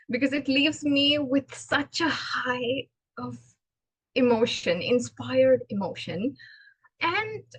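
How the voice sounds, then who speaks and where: A woman giving a prepared club speech on poetry, earnest and expressive, talking in a measured way. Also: sits high, breathy edge, no room sound, rough recording. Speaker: club speaker.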